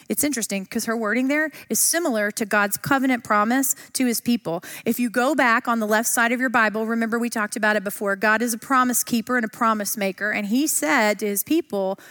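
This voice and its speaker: A woman's voice: on the high side, fairly bright tone. Chatty, enthusiastic woman teaching Bible study. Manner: enthusiastic, chatty, uses fillers.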